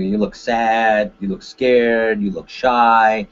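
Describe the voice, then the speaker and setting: A man, a martial arts instructor, giving a webinar talk with lively examples and frequent "right?" tag questions. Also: lowish voice, takes it slowly, clear, resonant tone. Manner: animated, acts out examples with shifting voices. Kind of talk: webinar presentation. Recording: dull lo-fi webinar audio.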